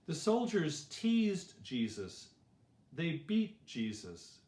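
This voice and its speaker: A man reads a children's Bible story in a slow, gentle, unhurried way. His voice sits slightly high, and the recording has a roomy echo. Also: big pitch swings.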